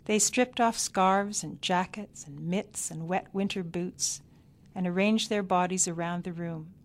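Female memoir narrator, slightly low voice, deliberate pacing, dry understatement. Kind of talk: reading her own memoir aloud.

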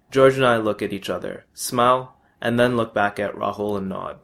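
Young man, first-person story reading, matter-of-fact, slightly low voice. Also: normal speed, gravelly, hardly any pauses, a bit bright.

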